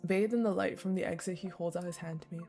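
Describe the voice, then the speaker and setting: A woman streamer reading game dialogue aloud and reacting, animated and swearing freely as she rants to viewers. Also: fairly low pitch, quick pace. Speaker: gaming streamer. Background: faint game music.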